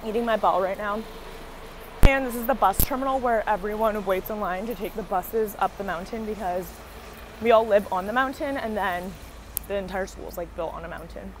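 A woman's voice: mid-range voice, normal speed. A young woman from the United States chats casually into her handheld phone camera. Her talk is loose and friendly, peppered with likes and ums, in a mid-range voice. Faint background noise sits under the recording. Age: young adult. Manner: chatty, lots of likes and ums. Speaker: vlogger. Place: dorm room, then walking outdoors around campus.

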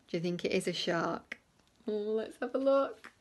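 A woman teacher reading a picture book aloud to young children, lively, with hushed whispered asides. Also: mid-range voice, fairly quick, creaky.

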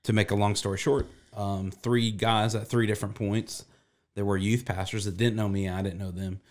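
Easygoing low-voiced youth pastor. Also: male voice, flat delivery, normal speed, a little mellow. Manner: easygoing, laughs often, reflective. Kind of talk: casual podcast chat.

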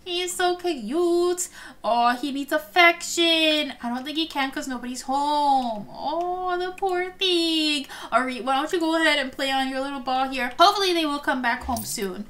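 A young woman chats through her game play in a high-pitched voice. Her tone is bright and crisp, and she reacts to everything with gasps and laughter. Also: normal speed. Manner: excitable, frequent gasps and laughs. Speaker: gaming video host. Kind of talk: casual let's-play commentary.

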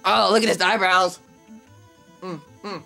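A young woman giving casual gameplay commentary on her channel, excitable and trash-talking the opponents. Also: mid-range voice, a little slow, gravelly, soft background music. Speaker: gaming channel host.

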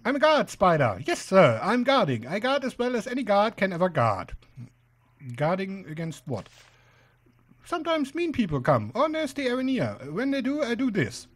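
A man's voice: high voice, wildly swooping pitch, normal speed, full character voice. A man voicing a proud dim spider guard. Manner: earnest, proud and simple-minded. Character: eager dim-witted male spider guard.

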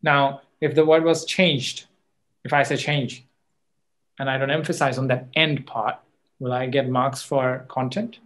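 A man with an Australian accent teaches an exam coaching class, his mid-range, fairly bright voice moving at normal speed with fairly even intonation. He lectures emphatically, checks in with students often, and peppers his speech with fillers and mid-sentence self-corrections.

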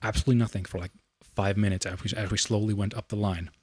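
A young man in his twenties telling a funny story in casual chat, animated and laughing often. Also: fast, breathy edge, no room sound. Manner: animated, laughing, shrieks in high voice when reenacting screams.

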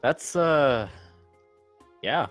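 A man's voice: on the high side, lively intonation, very slow, soft background music. A man chatting casually with friends over voice chat while playing an online game, joking and easily exasperated. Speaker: gamer.

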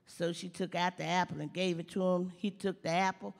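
An actress playing an elderly woman stand-up comic, telling folksy jokes with slow, sly punchlines on a theater stage. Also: fairly low pitch, little pitch movement, vocal fry. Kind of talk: live stand-up comedy routine in a play. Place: theater stage before an audience. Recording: long hall reverb of a live theater.

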